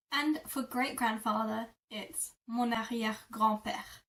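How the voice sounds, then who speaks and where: A woman teaching French vocabulary in a lesson video, repeating words slowly syllable by syllable. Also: high voice, recorded from a distance. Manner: slow, drawn-out repetition of words. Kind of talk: language lesson.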